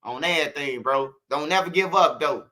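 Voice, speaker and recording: A man's voice: a little high, a little fast, sharp tone. A man from Chicago with a Chicago accent, hosting his channel, talking straight to viewers in a slangy, repetitive, preachy monologue. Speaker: channel host.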